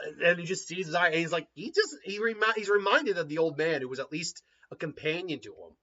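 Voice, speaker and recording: Rambling, bright-voiced man storyteller; casual fan retelling, muffled lo-fi recording. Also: fairly high pitch, fast, hardly any pauses. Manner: rambling, animated, filler-heavy.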